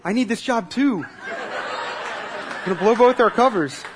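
A man whispering as a hushed lion. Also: high voice, lively intonation, normal speed, a crowd in the background, background noise, pitched above the performer's own voice. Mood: hushed, pleading. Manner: whispering urgently.

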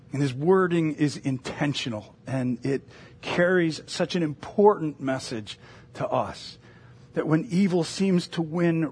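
A middle-aged man preaching a sermon as pastor, animated and telling stories, sometimes acting out other voices. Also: on the high side, slightly rough.

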